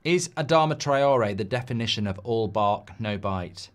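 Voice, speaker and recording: A man's voice: on the low side, expressive, measured pace. A man hosting a live football watchalong, chatting in a rambling way and reading out viewer comments. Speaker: host.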